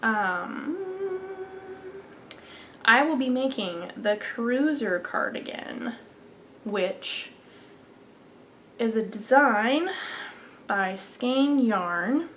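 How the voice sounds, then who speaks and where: A woman's voice: a little high, lively intonation, very slow, pauses often, a bit bright, a little hiss or hum. A young woman hosting a knitting podcast, chatting casually and gushing about yarn, sometimes dropping into a whisper. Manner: gushing and enthusiastic, drops into whispers. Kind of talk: casual show-and-tell chat.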